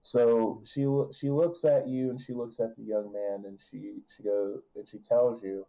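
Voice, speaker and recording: A man's voice: mid-range voice, fairly even intonation, measured pace, gravelly, few pauses, dark tone, low-quality recording. A man narrating a tabletop game as game master, rambling with restarts and filler words.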